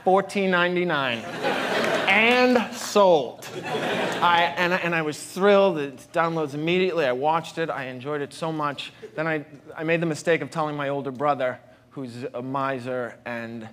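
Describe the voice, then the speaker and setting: Stand-up comic over a laughing crowd. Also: male voice, on the high side, steady tone, noisy background. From Boston. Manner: stammering restarts, mock indignation, slow deliberate punchlines. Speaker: stand-up comedian. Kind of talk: stand-up comedy set. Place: comedy stage before a live audience. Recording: live stage mic with crowd laughter.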